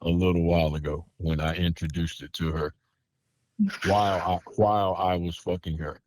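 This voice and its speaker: A man's voice: sits low, level tone, normal speed, a little mellow, slight background noise. A man hosting a podcast, talking emphatically with lots of repetition and swearing, then closing the show. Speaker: podcast host. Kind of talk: casual podcast chat.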